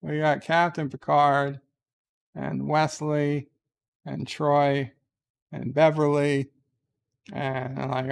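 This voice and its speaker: A man's voice: medium pitch, little pitch movement, vocal fry. A man who tells a rambling story in a casual vlog, with many fillers and restarts. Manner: rambling, slow, filler-heavy. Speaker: vlogger.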